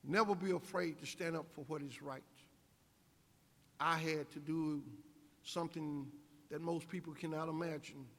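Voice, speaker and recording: A man's voice: fairly high pitch, fairly even intonation, normal speed, a bit bright. An older man giving an inspirational convocation speech as guest speaker, emphatic with preacher-like repetition. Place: large convocation hall. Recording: echoey hall.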